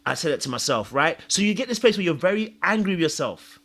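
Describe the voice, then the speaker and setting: Male podcast host, fairly high and very animated, emphatic and confessional. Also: quick pace. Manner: emphatic, confessional, acts out own thoughts. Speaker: podcast host and dating coach. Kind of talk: animated advice monologue.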